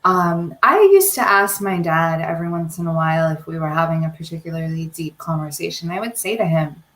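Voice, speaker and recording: A woman with a somewhat low voice, fairly low for a woman, chats openly as a podcast guest. She laughs easily, and the recording has a roomy echo. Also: fairly bright tone. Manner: quick to laugh, open and chatty. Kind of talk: casual interview chat.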